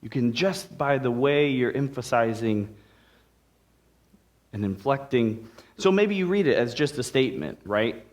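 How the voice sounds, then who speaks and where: A man's voice: medium pitch, expressive, a little slow, pauses often. A male pastor preaching a sermon in a conversational way, with playful asides to the congregation. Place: church sanctuary.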